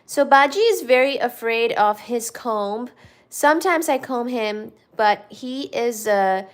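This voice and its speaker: Chatting casually on her livestream, a woman from India answers viewers' comments in an Indian accent. Her voice is fairly high and animated, at a measured pace.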